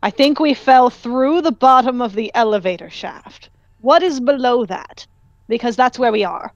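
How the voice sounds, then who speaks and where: Woman player with a fairly high voice. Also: lively intonation, normal speed, no room sound, lo-fi sound. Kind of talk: casual tabletop game chat.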